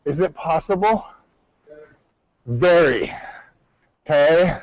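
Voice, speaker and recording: Man, martial arts instructor, high voice, commanding, barking drill counts, dry muffled sound. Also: expressive, slow pace, a little mellow, dry recording. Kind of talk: class instruction.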